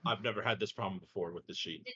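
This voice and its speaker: A man in an online tabletop game, calmly suggesting a workaround for a character sheet problem. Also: lowish voice, quick pace, slightly rough. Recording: dull lo-fi voice chat audio.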